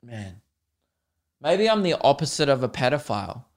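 A man's voice: medium pitch, very animated, normal speed. Profane ranting young podcast man. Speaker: podcast host. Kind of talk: solo podcast rant.

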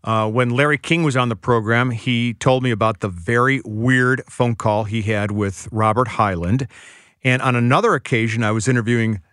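A man in the middle of the pitch range is a guest on a radio interview, chatty and full of anecdotes. His voice is recorded dry and close in a studio. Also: steady tone, normal speed, fairly bright tone, dry recording.

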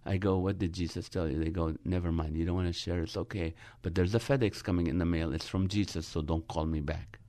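Man, very deep voice, dry studio, comic storytelling with acted-out dialogue. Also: quick pace, few pauses, no room sound. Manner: animated storyteller, acting out dialogue. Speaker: Christian comedian guest. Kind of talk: storytelling with humor in a radio interview.

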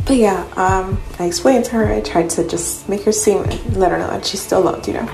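A woman's voice: mid-range voice, brisk, vocal fry, over music. A young woman, a college student, recording a candid, conversational personal audio diary that turns openly emotional. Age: young adult. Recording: roomy echo.

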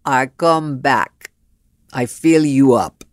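A woman's voice: very deep voice, slow pace, no room sound, studio quality. A woman voicing a scruffy man with a Cuban accent who eagerly offers help in broken English. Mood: insistent. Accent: Cuban Spanish.

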